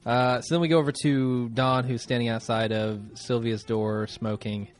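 A man co-hosting a casual podcast, easygoing and quick to laugh as he walks through an episode recap. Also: mid-range voice, little pitch movement, soft background music. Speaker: podcast co-host.

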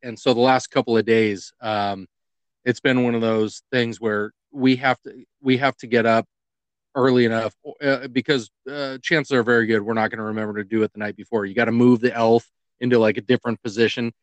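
A middle-aged man co-hosting a podcast, chatting casually and telling stories with lively acted-out dialogue. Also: mid-range voice, fairly quick, dry recording. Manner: animated storyteller, acts out quoted dialogue. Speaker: podcast co-host. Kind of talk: casual chat.

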